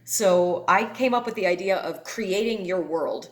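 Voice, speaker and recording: A woman's voice: fairly low pitch, unhurried. A woman artist casually walking through her paintings, chatty and candid as she explains each one. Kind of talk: casual walkthrough of artworks. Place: home painting space. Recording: echoey room with faint noise.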